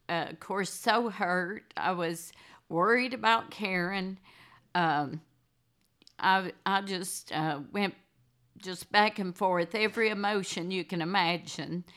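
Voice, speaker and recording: Woman, interview guest, very slow, deliberate speech, earnest and candid. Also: mid-range voice, fairly bright tone. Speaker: interview guest, grieving mother. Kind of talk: casual interview, recounting personal loss.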